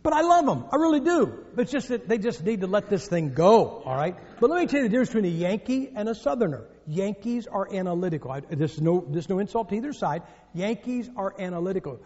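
A man's voice: high-pitched, lively intonation, quick pace, dark tone. A man from the northern United States preaching a sermon, telling jokes and stories with emphatic delivery. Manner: joking, storytelling, emphatic. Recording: echoey hall, dull lo-fi.

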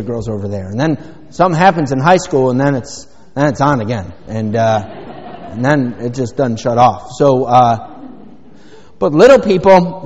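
A man's voice: medium pitch, darkish tone. Middle-aged male pastor, rambling folksy sermon delivery, dull sound with long church reverb. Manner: rambling, folksy, many fillers. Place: church sanctuary.

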